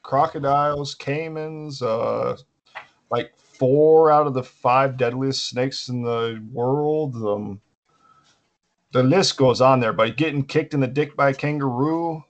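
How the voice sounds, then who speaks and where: A man's voice: mid-range voice, slow. A young man co-hosting a casual podcast, profane and sarcastic, laughing often as he trades crude jokes. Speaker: podcast co-host.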